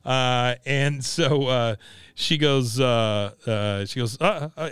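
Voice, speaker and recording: A man's voice: mid-range voice, slow pace, fairly bright tone, clean tone, no echo. A man co-hosting a casual podcast, recapping a cartoon episode and acting out the characters' lines. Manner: retells scenes, acting out characters' lines in raised voices. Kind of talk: casual chat.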